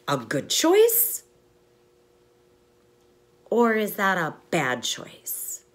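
A woman teaching young children through short stories, asking them questions and pausing for their answers. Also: medium pitch, big pitch swings. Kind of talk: storytelling lesson for young children.

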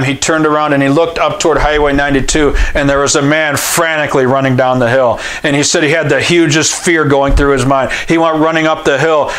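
An American man preaching a sermon, telling a story and acting out the voices in it, calling out questions for the congregation to answer. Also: fairly high pitch. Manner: storytelling preacher who acts out quoted voices and rises to near-shouts. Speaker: pastor.

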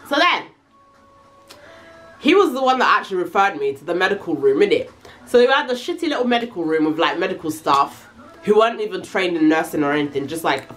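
A young woman telling a casual, slangy storytime, animated and full of swearing. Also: lowish voice, a little hiss or hum. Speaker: vlogger.

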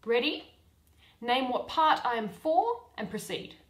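A showy, boastful weaver bellows and swoops through his lines with lively pitch, as a woman puts him on. He overplays every phrase in a slow, grand manner, in a room with some echo. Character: boastful eager male weaver, loud and showy.

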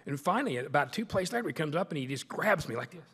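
Male speaker, bright, slightly high voice, comic anecdotes at a club lunch, reverberant hall sound. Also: sing-song, quick pace, slightly rough. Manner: humorous, self-deprecating anecdotes. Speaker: guest speaker. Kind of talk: storytelling speech. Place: large meeting hall.

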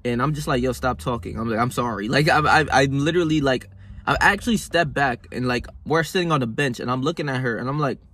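A man's voice: mid-range voice, fast, fairly bright tone. A young man in a casual motivational vlog monologue, talking in a slangy, swearing way with lots of restarts and fillers. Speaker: vlogger. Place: hot room.

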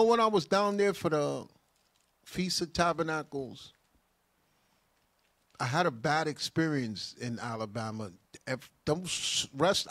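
A man's voice: high-pitched, a bit bright, dry recording. A man, a deacon, reading viewer comments on a livestream and answering them in an emphatic way that rises to fervent bursts. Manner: emphatic, rising to fervent bursts when stirred. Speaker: deacon answering live chat.

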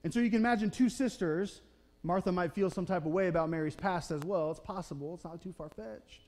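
Man, high-pitched voice, pastor, casual sermon, church sanctuary, chatty check-ins with the congregation. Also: a little fast, a little mellow. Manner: conversational preaching, often checking in with "okay? right?"; acts out the Bible characters' voices in short quotes.

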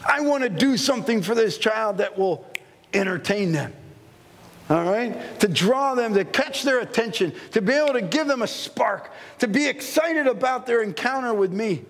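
A man's voice: high-pitched, lively intonation, moderate pace, long reverb tail. A man who is a pastor preaching a sermon in a church sanctuary, telling stories and acting out little scenes as he goes.

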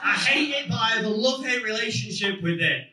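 A young man with a Manchester accent works a comedy stage, his voice high and swinging wildly up and down. He swears freely and sounds bright and edgy. The sound is echoey and picked up from a little way off. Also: fast, distant mic, slight background noise. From England. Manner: animated, swears freely, shouts put-on voices. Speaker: stand-up comedian. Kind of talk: stand-up comedy set.

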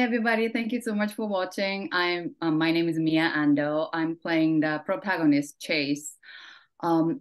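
A woman, the film's lead actress, greeting viewers in a bubbly, grateful way over a video call. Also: low-pitched. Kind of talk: casual video call chat.

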